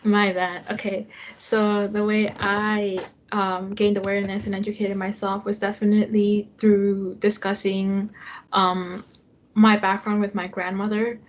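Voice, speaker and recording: Flat-voiced woman on a muffled call. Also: mid-range voice, unhurried, slight background noise. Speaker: panel speaker. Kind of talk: casual personal account. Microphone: video call. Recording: dull, muffled video call audio.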